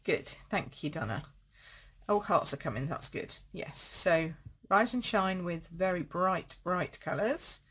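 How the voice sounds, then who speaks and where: A woman's voice: on the low side, slight background noise. A woman hosting a live card-making tutorial, chatty and upbeat, laughing at herself as she works. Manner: chatty, upbeat, self-mocking with frequent laughs. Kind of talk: live-streamed craft tutorial.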